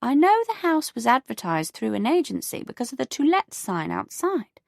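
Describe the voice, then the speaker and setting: Casting note: female narrator doing a high, fussy old lady neighbour for an audiobook, prim and proud, voice swooping up and down. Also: big pitch swings, moderate pace, creaky, no echo, studio quality, heavily acted. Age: older. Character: prim elderly woman neighbour, gossipy and proud.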